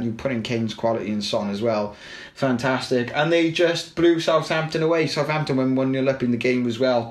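Guy on a footy podcast, mid pitch, chatty, lots of ums and restarts. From Wales. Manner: chatty, opinionated, frequent fillers and restarts. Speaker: podcast co-host. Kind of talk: casual football chat.

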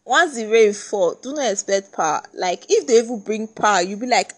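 A woman's voice: mid-range voice, lively intonation, normal speed, hardly any pauses. A young woman from Nigeria with a Nigerian accent, chatting casually and bubbly as host of her own podcast, laughing often. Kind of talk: casual solo podcast chat.

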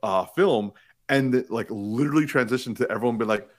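A man co-hosting a podcast in casual chat, excitable and rambling, laughing often and restarting his sentences. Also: medium pitch, brisk. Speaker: podcast co-host.

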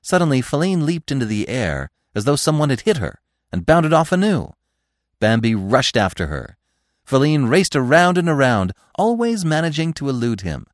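A man, the podcast host, narrating a classic storybook in an expressive, dramatic way. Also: mid-range voice, normal speed, no room sound, studio quality.

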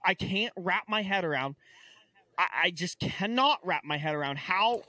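A young man rants through a casual sports chat, exasperated and tripping over his own restarts. His voice sits high and bright, swinging widely in pitch. The sound is dry and close. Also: lively intonation, moderate pace, no echo. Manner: ranting, exasperated, stammering restarts. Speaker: podcast co-host.

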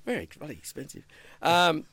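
A man's voice: a little high, wildly swooping pitch, a little slow, a bit bright, no echo. A middle-aged man, a podcast guest telling long, rambling stories in a casual chat and acting out the dialogue. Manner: chatty, rambling storyteller who acts out quoted dialogue. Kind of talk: casual storytelling interview.

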